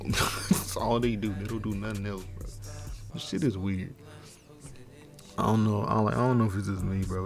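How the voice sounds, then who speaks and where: A man's voice: on the low side, creaky, darkish tone. A stoned man ranting casually, rambling and profane, with frequent laughs. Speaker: vlogger. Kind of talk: casual rant. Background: faint background music.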